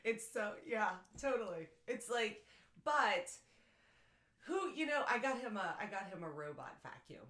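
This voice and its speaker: A woman's voice: medium pitch, sing-song, measured pace, a bit bright, roomy sound. A woman co-hosting a podcast, chatting casually and laughing often as she tells stories about her husband. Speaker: podcast co-host. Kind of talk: casual chat.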